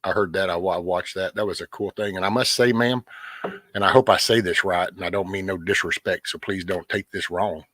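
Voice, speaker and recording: A man's voice: deep voice, fairly even intonation, brisk, a bit bright, no echo. A middle-aged man, rambling casually on a livestream and answering chat by name. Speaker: livestream host. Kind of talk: casual live-stream chat.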